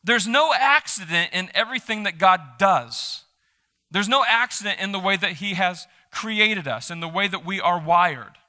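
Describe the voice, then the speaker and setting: A man preaching a sermon as a pastor, reading scripture aloud with energy and dropping into quiet offhand asides. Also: sits high, normal speed. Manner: animated, shifts between loud reading and quiet asides. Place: church sanctuary. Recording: reverberant church hall.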